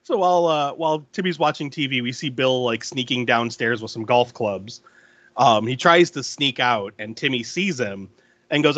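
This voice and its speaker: In a casual chat, this man walks through a film one scene at a time for his podcast, often laughing and acting out quoted dialogue. His voice sits at medium pitch with a fairly bright tone, moving at a moderate pace, captured in a dry recording.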